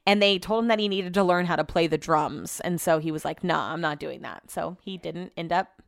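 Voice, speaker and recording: Her voice is fairly low with fairly even intonation and a slightly quick delivery, clean and dry at studio quality. She's a podcast host chatting loosely about news and her own day from a home office mic, now and then cursing or tripping on her words.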